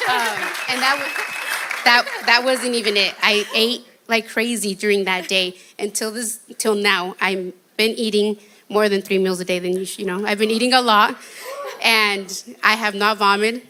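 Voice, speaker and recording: A shy woman giving an earnest, halting testimony in a church interview. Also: mid-range voice, fairly even intonation, sharp tone, some chatter behind.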